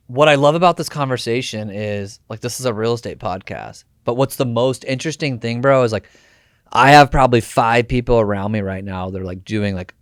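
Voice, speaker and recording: A podcast host with a smooth, lowish male voice interviews a guest in a casual, energetic way, dropping slang and acting out quotes. The recording is dry with clean studio sound.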